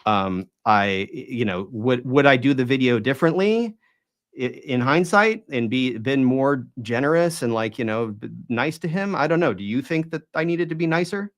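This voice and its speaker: A guest with an animated, mid-range male voice talks conversationally in an interview. He keeps restarting and hedging, and he often throws in rhetorical questions.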